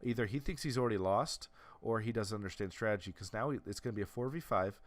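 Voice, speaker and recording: Low-ish and quick, this gameplay commentator picks apart the video game footage casually and analytically. His speech is full of restarts and "uh" fillers.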